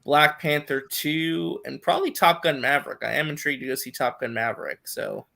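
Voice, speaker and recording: Gravelly man listing picks on a panel. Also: a little high, fairly quick, bright, forceful tone. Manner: teasing, then lists picks with hesitations. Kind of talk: casual panel chat.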